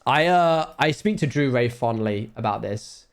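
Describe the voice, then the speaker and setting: Under-the-weather male streamer, casual rambling chat, self-mocking, mid pitch. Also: lively intonation, measured pace. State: ill, low on energy. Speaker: live streamer.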